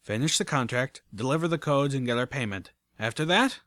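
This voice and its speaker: A man's voice: medium pitch, lively intonation, brisk, a bit bright, no echo, natural voice. A man voicing a tough griffin mercenary woman. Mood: resolute.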